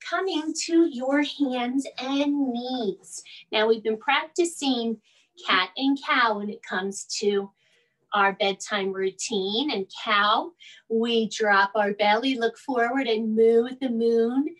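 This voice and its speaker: A woman leading a gentle bedtime yoga class for children, coaxing and soothing, with playful moo and meow sounds. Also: fairly high pitch, slow pace, recorded from a distance, rough recording. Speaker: kids' yoga teacher.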